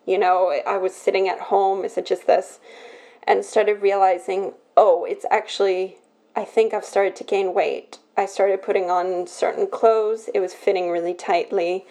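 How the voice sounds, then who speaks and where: A young woman on her own podcast, talking through something personal in an emotional, halting way, full of restarts. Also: medium pitch, flat delivery, dark tone. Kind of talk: personal confessional talk.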